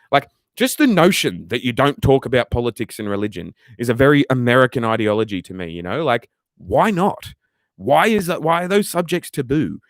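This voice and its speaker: A man's voice: mid-range voice, dry recording, clean studio sound. A man with an Australian accent hosting a casual Q&A, answering viewer questions in a rambling, profane way with frequent restarts. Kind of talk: casual livestream Q&A. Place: room with racing posters on the wall.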